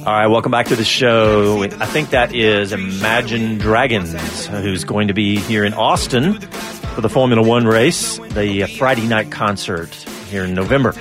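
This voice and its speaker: A man's voice: fairly low pitch, normal speed, over music. A man co-hosting a sports radio show, chatting casually about racing and laughing easily between rambling restarts.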